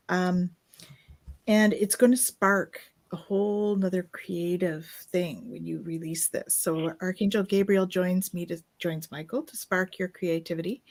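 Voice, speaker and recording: A woman giving a live psychic reading, speaking in a calm, gentle and guiding way. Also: fairly low pitch. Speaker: psychic reader.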